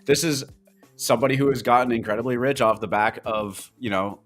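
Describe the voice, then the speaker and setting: A man's voice: mid-range voice, normal speed, fairly bright tone, soft background music. A man with a Canadian accent co-hosting a podcast, talking bluntly in a rambling, casual way full of fillers. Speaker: co-host.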